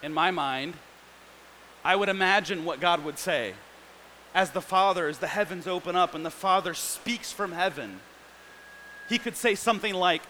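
A man's voice: high voice, normal speed, pushed and bright, a little hiss or hum, low-quality recording. A man preaching a sermon, reading scripture and explaining it with earnest, building emphasis.

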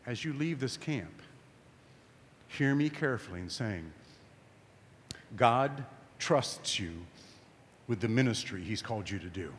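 A man's voice: fairly low pitch, lively intonation, normal speed, long reverb tail, slight background noise. A man preaching a sermon at a camp meeting, emphatic and conversational, often asking his listeners questions.

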